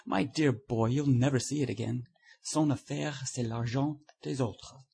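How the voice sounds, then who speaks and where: A man's voice: mid-range voice, fairly even intonation, unhurried, gravelly, darkish tone, husky, heavily acted. A man reading the part of a witty society painter who teases his friend, in a breezy, amused way. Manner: breezy, teasing.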